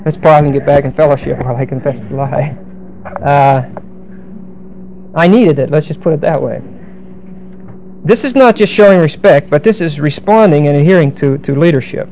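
Middle-aged male preacher, mellow dark voice, teaching scripture with grammar asides and humor; faint background hiss. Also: a little high, moderate pace, long pauses, lo-fi sound. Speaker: pastor. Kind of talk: verse-by-verse sermon.

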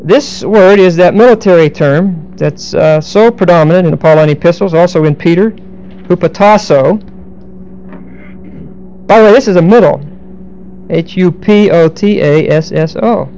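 Dark-toned man teaching a sermon. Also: fairly high pitch, gravelly, slight background noise, rough recording. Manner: explains Greek grammar with asides and humor. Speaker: pastor. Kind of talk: verse-by-verse sermon.

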